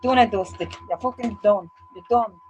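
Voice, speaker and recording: A woman's voice: medium pitch, normal speed, darkish tone, highs cut off, soft background music. An Irish woman co-hosting a casual livestream chat, ranting bluntly with heavy swearing. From Ireland. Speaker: co-host.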